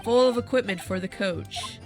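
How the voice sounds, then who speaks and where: A woman's voice: mid-range voice, moderate pace, over music, natural voice. A woman voicing a stern, haughty male prosecutor, speaking in a formal, disdainful, clipped way. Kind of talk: reading game dialogue aloud.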